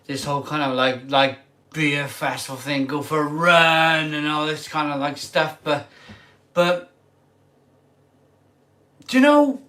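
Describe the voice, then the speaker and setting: A man's voice: on the high side, pushed and bright. A man hosting a casual live stream about beer, rambling and emotional as he chats to his viewers. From United Kingdom. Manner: rambling, emotional, talks to viewers, drinks on camera.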